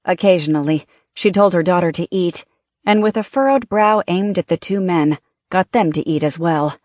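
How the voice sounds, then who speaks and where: An audiobook narrator reading a novel in a steady, measured way. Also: mid-range voice, no room sound, clean studio sound.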